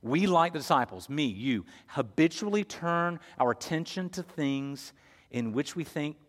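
A man's voice: fairly high pitch, animated, unhurried. Male pastor preaching in an echoey hall. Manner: storytelling, swinging from loud to hushed. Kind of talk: sermon. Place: church.

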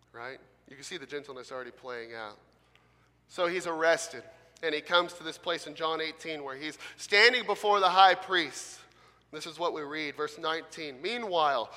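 A man preaching from the pulpit, his bright, forceful voice carrying a long reverb through a church sanctuary. He swings between loud, emphatic bursts and soft, gentle asides, slightly higher-pitched than most men. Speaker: pastor. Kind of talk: sermon.

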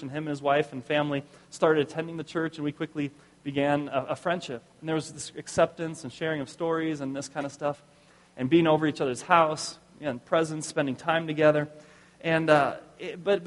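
A middle-aged male pastor preaching a sermon, telling a personal story in a conversational way and often dropping to soft, low tones. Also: long reverb tail.

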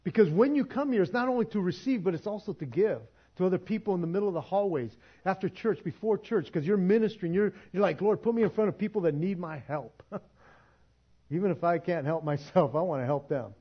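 A pastor delivers a sermon in church in a conversational, casual way, his slightly high voice expressive, fairly quick, and with a breathy edge. He stumbles, restarts words, and laughs as he speaks. The audio is dull and lo-fi.

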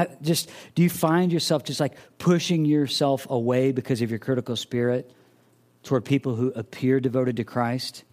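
A man's voice: medium pitch, darkish tone. A man preaching a sermon, earnestly asking searching questions and acting out the voices of imagined listeners. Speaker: pastor.

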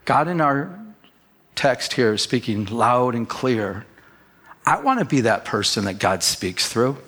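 A middle-aged male pastor telling a personal story in a sermon, animated and conversational, acting out his own past words. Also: medium pitch, measured pace. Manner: storytelling, animated when quoting himself.

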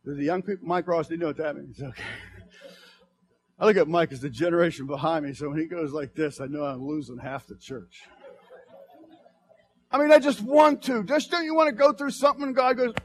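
High-voiced preacher man with sudden shouts. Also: a little fast. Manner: swings from soft murmurs to fervent shouts. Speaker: pastor. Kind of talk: preaching sermon. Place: church.

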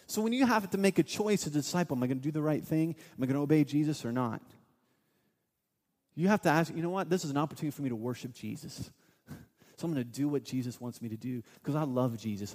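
A man in his thirties preaching a sermon as a pastor, earnest and quick to act out the voices of people in his stories. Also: a little high, a little mellow. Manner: earnest, acts out quoted voices in his storytelling. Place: church sanctuary. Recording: long hall reverb.

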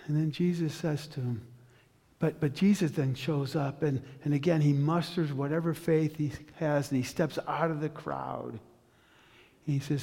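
Brief: male pastor, storytelling sermon, pauses then builds, slightly high voice, reverberant sanctuary. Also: steady tone, vocal fry. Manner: dramatic storytelling, long pauses, builds to loud intensity.

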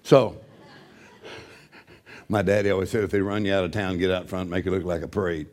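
A middle-aged man preaching a sermon as a pastor, with a gravelly voice, swinging from loud shouting to low joking asides. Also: level tone, a little fast.

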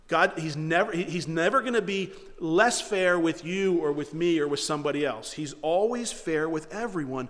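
A pastor preaches with an earnest, conversational drive, now and then slipping into the voices of the people he quotes. His voice sits a bit higher than most men's. It rings out in a hall with a long, trailing reverb. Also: a bit bright. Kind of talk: sermon.

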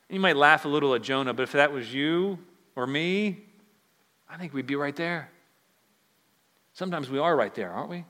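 Male pastor, sermon, conversational and emphatic, higher voice, bright tone. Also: lively intonation, normal speed, pauses often, long reverb tail.

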